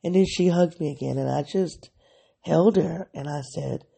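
Podcast host, candid diary monologue, thinking aloud; gravelly, dark delivery. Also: medium pitch, moderate pace. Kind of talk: reflective solo diary podcast.

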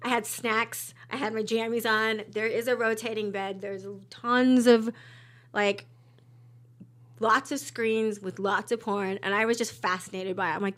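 A fairly high-voiced young woman chatting as a podcast guest. She tells her story with animated energy, acting out what people said and swearing casually. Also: unhurried. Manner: animated, acts out quotes, swears freely.

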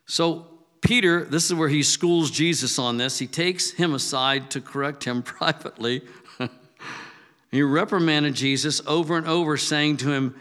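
A man's voice: on the high side, moderate pace, fairly bright tone, in a large hall. An older man giving a casual Bible teaching, chatty, with asides and restarts. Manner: conversational, restarts and asides, acts out quotes.

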